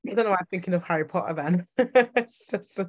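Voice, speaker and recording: A woman's voice: fairly low pitch, brisk, husky, no echo, clean studio sound. A woman hosting a podcast, reacting to her guest with laughter and brief remarks. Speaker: podcast host. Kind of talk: casual interview reactions.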